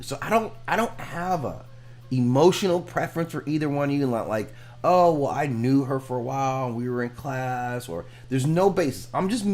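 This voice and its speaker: A man's voice: on the high side, a little mellow. A man hosting a reaction video, giving frank, rambling commentary and repeating himself as he makes his points. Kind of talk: casual commentary.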